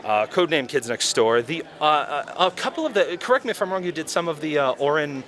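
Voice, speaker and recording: A man's voice: on the high side, lively intonation, brisk, fairly bright tone. Hesitant young-sounding interviewer man. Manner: hesitant, many fillers and restarts, laughs nervously. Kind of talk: casual convention interview.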